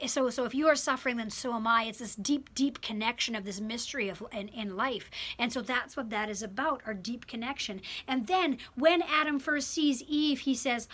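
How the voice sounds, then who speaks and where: A woman teaching a religion class in a classroom, talking in an animated, emphatic way and repeating words for effect. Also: a little high. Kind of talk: classroom lecture.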